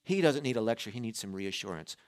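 A man preaching voices God as a gentle, reassuring father, speaking softly and tenderly. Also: expressive, quick pace, close to an everyday voice. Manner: soft, low and tender.

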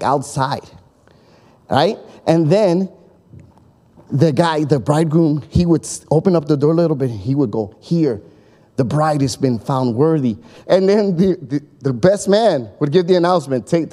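Speaking in a mellow, slightly high voice, a pastor preaches by telling a story conversationally. He acts out different voices and often pauses to connect with his listeners.

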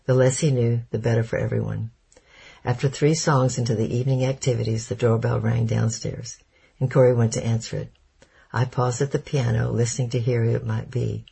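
A man narrating a chapter of an audiobook in a steady, measured storytelling manner. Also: mid-range voice, gravelly, breathy edge. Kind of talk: scripted narration.

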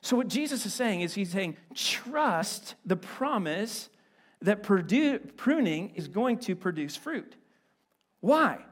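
A man preaching a sermon as a pastor in a church, animated and conversational with playful asides. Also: high-pitched, slow pace.

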